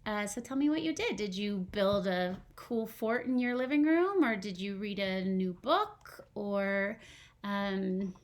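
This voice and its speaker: A young woman who teaches first grade reads a storybook aloud from home and chats with her class. Her voice is medium-pitched, expressive and a little slow, and she keeps asking the kids questions.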